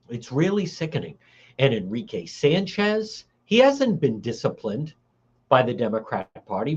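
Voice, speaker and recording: A man delivers heated political commentary on a livestream, his raised voice swinging widely up and down. He sounds indignant and keeps hammering the same points. The audio is dull and lo-fi. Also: fairly high pitch. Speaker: talk show host.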